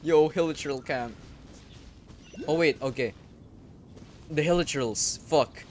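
A young man giving casual gameplay commentary, crude and excitable, breaking into sudden loud outbursts. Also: fairly high pitch, slow, slight background noise. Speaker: gaming YouTuber. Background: faint game music.

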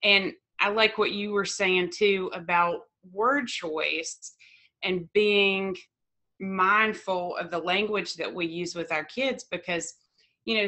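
A woman's voice: fairly low pitch, sharp tone. A woman therapist guest explaining ideas thoughtfully in a conversation. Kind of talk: expert conversation.

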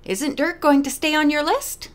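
A woman's voice: sits high, moderate pace, pitched above the performer's own voice, natural voice. A woman reading the part of a genial middle-aged male lawyer who teases his daughter, in an audiobook. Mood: teasing. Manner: teasing, gently joking.

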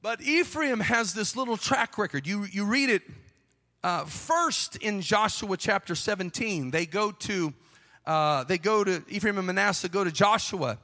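A man preaching a Pentecostal sermon with a fervent, rhythmic delivery that builds to shouting. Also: high voice, unhurried, long reverb tail. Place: church sanctuary.

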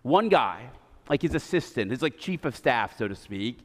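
A man's voice: mid-range voice, very animated, moderate pace, a bit bright. A male pastor preaching a sermon, retelling the story casually and animatedly with lots of fillers, recorded in a reverberant church sanctuary.

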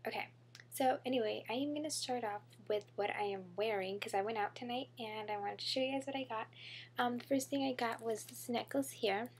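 A bubbly young woman chats to her camera about her shopping, her fairly high voice catching into a gravelly fry. She talks casually, full of fillers and gushing, recorded in a room at home with a faint hum behind her. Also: a little fast. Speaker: beauty vlogger. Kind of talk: casual haul vlog.

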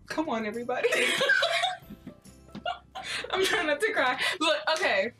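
A young woman hosting a casual reaction chat, excitable, shrieking, laughing and swearing a lot. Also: high voice, slow pace, long pauses, loud music behind the voice. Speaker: reaction channel host.

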